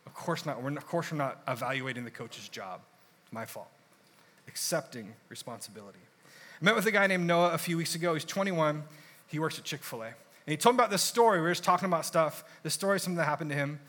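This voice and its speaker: A young adult man preaching a sermon in a conversational, animated storytelling way with casual asides. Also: on the high side, quick pace. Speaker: pastor.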